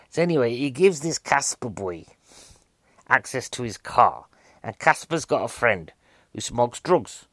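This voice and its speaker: A man's voice: mid-range voice, big pitch swings, measured pace, fairly bright tone, dry recording. Man for a casual film review; mid-range voice, dry sound, jokey and digressive, a little breathless. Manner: chatty, jokey and rambling. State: a bit out of breath.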